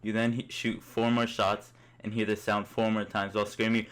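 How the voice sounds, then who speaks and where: A man's voice: on the low side, little pitch movement, normal speed, few pauses, very noisy. A young man narrating a comic story in the second person, in an amused, mock-epic way.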